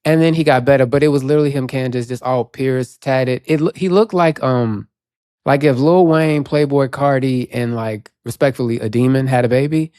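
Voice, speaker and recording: A man co-hosting a podcast, telling stories in a chatty, animated way. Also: medium pitch, normal speed, smooth, dry recording, clean studio sound. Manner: chatty, animated storytelling with quoted asides. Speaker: podcast co-host. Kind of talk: casual chat.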